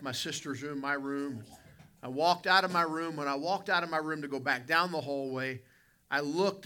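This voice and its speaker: A man's voice: mid-range voice, sharp tone. A man preaching an evening sermon as pastor, telling a folksy, vivid personal story to his church congregation. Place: church sanctuary.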